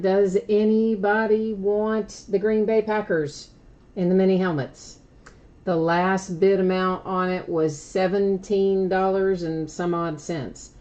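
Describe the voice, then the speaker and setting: The recording is muffled, but her medium-pitched, warm voice comes through as she hosts a live stream card break. She chats casually, explains shipping at length, and laughs at herself from time to time.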